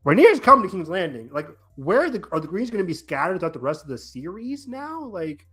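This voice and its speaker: A man co-hosting a casual podcast recap, talking in a rambling, animated way with many restarts and quoted reactions. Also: high-pitched, fast, breathy edge. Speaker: podcast co-host.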